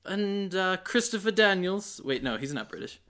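A man's voice: high-pitched, animated, moderate pace, a bit bright. A man hosting a podcast in casual, joking chat with his co-host. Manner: joking, wry, chatty.

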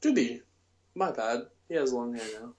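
A playful Australian man chats as a podcast co-host, teasing his partner in a relaxed, casual way. His Australian accent runs all through his talk. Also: medium pitch, moderate pace, husky.

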